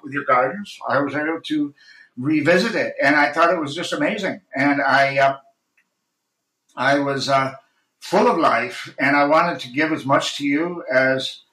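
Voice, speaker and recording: A man's voice: a little high, bright, forceful tone. Intense, earnest man in an echoey room. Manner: intense, earnest, with many restarts. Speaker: actor and audiobook narrator, guest. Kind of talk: reflective interview talk.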